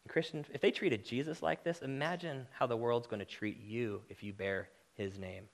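A man preaching a sermon, impassioned and direct, building to loud emphatic peaks and then dropping to quiet, earnest lines. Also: mid-range voice, fairly even intonation, moderate pace, vocal fry.

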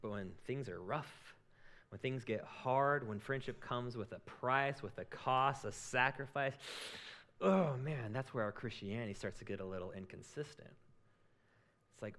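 A male pastor giving a conversational sermon, acting out inner thoughts in quoted asides and building to loud emphasis. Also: medium pitch, measured pace.

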